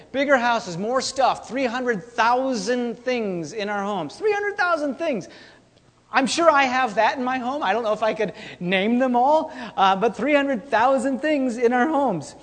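A man preaching a casual sermon as a pastor. He talks conversationally, repeats his key lines and keeps checking in with "okay?" and "all right?". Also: extremely high pitch. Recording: long reverb of a church hall.

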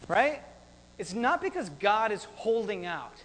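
Male pastor, high voice, energetic conversational sermon, church reverb. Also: measured pace. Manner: animated, repetitive, conversational preaching with rhetorical questions.

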